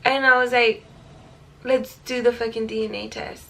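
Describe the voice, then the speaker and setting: A woman's voice: fairly high pitch, flat delivery, moderate pace, creaky, sharp tone. A young woman from California casually telling her life story to her viewers, chatty and loose, full of likes and ums, swearing freely. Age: young adult.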